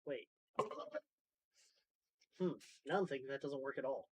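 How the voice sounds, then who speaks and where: Regular guy, chill chatty voice, mid pitch, kinda mulling stuff over out loud. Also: measured pace, poor audio. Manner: relaxed, thinking out loud. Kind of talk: casual chat.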